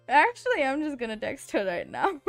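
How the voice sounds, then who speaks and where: A woman's voice: sits high, a bit bright. A woman streamer in casual chat, rambling with lots of "like" and frequent giggles. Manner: giggly, rambling, heavy use of filler "like".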